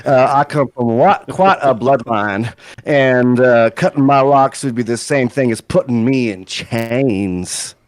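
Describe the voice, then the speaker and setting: A man's voice: mid-range voice, unhurried, no room sound, natural voice. A man voicing a vain, fussy purple-haired noble who scolds primly, like an aghast Southern belle. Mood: indignant. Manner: prim, scolding, theatrical.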